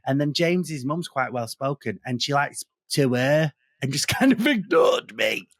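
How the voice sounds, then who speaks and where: Mancunian man telling animated stories. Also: medium pitch, unhurried, dry recording, clean studio sound. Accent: Manchester English. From Northern England. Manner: animated storyteller who swears freely. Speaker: podcast co-host. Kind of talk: casual chat.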